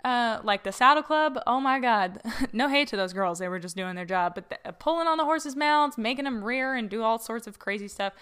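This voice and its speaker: Chatty young woman with a smooth voice. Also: fairly high pitch, expressive, normal speed, fairly bright tone. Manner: chatty, laughs often, frequent fillers. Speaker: podcast host. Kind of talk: casual solo podcast. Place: borrowed house, slightly echoey room. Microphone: own podcast mic.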